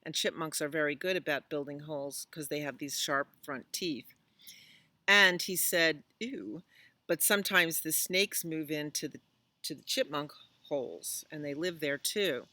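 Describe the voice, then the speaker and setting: A woman librarian reading a picture book aloud to young children, doing animal sounds in an animated way. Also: deep voice, normal speed, no room sound. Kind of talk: storytime read-aloud. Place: library storytime.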